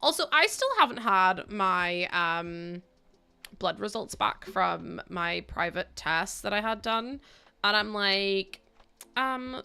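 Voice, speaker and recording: A woman's voice: mid-range voice, gravelly, sharp tone, clear, resonant tone. A young Northern Irish woman chatting casually to her livestream viewers while she builds in a game, laughing often and swearing freely. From Northern Ireland. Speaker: streamer.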